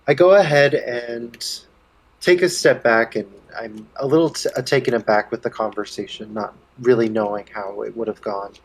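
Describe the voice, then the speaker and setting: Man voicing his bard character in a tabletop game, thinks out loud. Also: mid-range voice, moderate pace, rough recording. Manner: musing, thinking aloud. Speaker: player.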